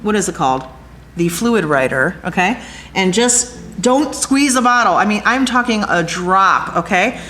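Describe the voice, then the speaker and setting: A woman teaching a glass jewelry craft, chatty and excitable, talking straight to her viewers as she works. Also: mid-range voice, a little slow, a little hiss or hum. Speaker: glass art instructor. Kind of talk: hands-on craft demonstration.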